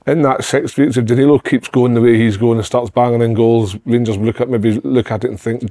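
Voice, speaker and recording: A Scottish man co-hosting a casual football podcast, talking in a measured way and thinking aloud through possible scenarios. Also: mid-range voice, fairly even intonation, mellow. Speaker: podcast co-host.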